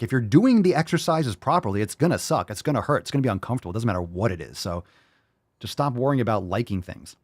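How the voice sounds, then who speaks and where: A man's voice: a little mellow, dry recording, clean studio sound. A man hosting a fitness podcast, ranting bluntly with plenty of swearing. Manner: blunt and profane, with sudden jumps in pitch. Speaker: podcast host.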